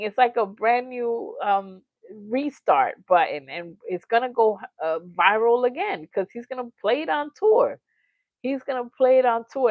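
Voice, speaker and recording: A woman's voice: a little high, no echo. Chatty woman livestream host, lo-fi. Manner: chatty and animated, laughs often, acts out quotes. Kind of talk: casual livestream chat, reading viewer comments. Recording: dull lo-fi sound, dry.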